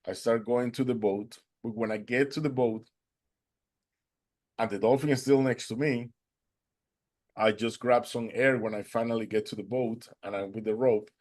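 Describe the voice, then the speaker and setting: A man earnestly telling a personal story, halting and restarting as he goes. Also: medium pitch, steady tone, darkish tone.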